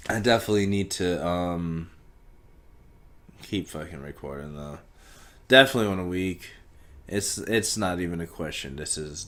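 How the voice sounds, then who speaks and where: A young man hosts a solo podcast, rambling through a profane, stream-of-consciousness monologue that keeps circling back on itself. His voice is low-pitched and a bit bright.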